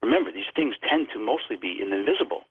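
Husky low-voiced guy telling a spooky story, tinny phone sound, acts out quotes. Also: very fast. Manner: animated, acts out quoted dialogue. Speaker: guest. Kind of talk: storytelling in a paranormal talk.

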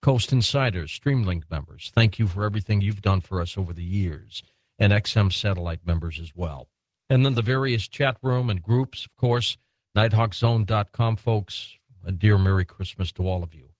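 A man's voice: on the low side, normal speed, no room sound. A man hosting a late-night radio talk show, genial and chatty, laughing easily with his guests.

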